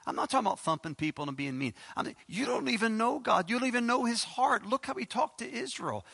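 A man preaching an expository sermon, stammering through restarts, slowing down to read scripture and breaking into high, animated exclamations. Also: gravelly, dry recording. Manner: animated, emphatic bursts of high-pitched exclamation; slows down to read scripture aloud.

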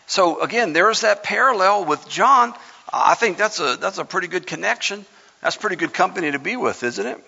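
A man's voice: high-pitched, animated, moderate pace, gravelly, sharp tone, slightly rough. A man preaching a sermon conversationally, reading scripture with dramatic emphasis. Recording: lo-fi sound in a reverberant hall.

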